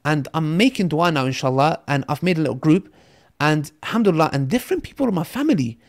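Fast, animated man telling stories. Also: fairly high pitch. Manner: animated storyteller, acts out quotes. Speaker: guest. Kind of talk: lively podcast conversation.

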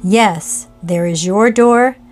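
A woman reading aloud, voicing an angry, excitable male lawyer who speaks sharply. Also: mid-range voice, slow, soft background music, lightly acted. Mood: tense. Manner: sharp and agitated.

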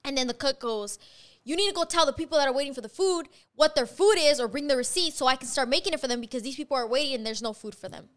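A woman hosting a podcast, telling a story in a fast, profane, animated casual chat. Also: high-pitched. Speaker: podcast host.

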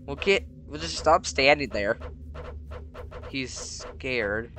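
A young man chatting casually through a horror game, jumpy and prone to sudden shouts. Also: mid-range voice, lively intonation, takes it slowly, pauses often, background noise. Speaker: gamer. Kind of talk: casual gameplay commentary.

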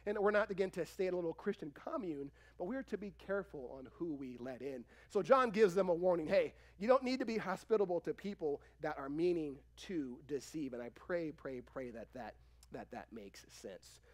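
A male pastor delivers a sermon in a church, his voice sitting high and leaping up and down in lively swings. He acts out the voices of the people he quotes. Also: normal speed. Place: church sanctuary.

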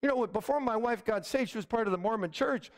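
A man's voice: high-pitched, fast talker. A middle-aged man, a pastor preaching an emphatic sermon and calling out "Amen?" to the congregation.

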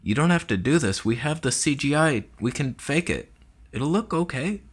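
A man's voice: on the high side, expressive, moderate pace, slightly rough, voice pushed up. A man voicing a nervous male film crew member in a raised, strained voice. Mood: pleading.

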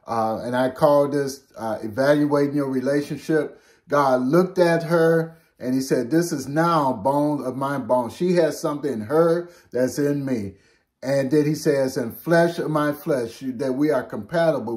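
An older man, a pastor, teaching a Bible lesson in a slow, conversational way, often checking in with "okay?". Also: mid-range voice, a little mellow.

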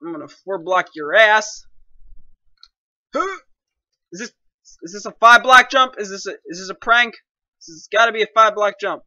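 A young man giving excitable, complaining, self-mocking commentary while playing a game. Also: high voice, a little slow, pauses often, no echo. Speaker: gaming commentator. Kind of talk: casual gameplay commentary.

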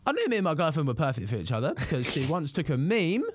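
A man doing an impression of a dry, wry male stand-up comedian, in a higher, drawling comic voice. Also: very animated, quick pace, a little hiss or hum. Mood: deadpan.

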